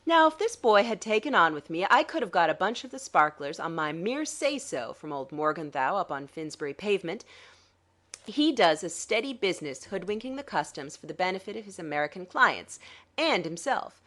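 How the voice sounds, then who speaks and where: A woman's voice: fairly low pitch, very animated, normal speed, a bit bright. A woman voicing a smug, sarcastic male swindler who talks down to his partners in an audiobook. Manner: dry, sarcastic, smoothly condescending. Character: smug scheming male crook, cool and sarcastic.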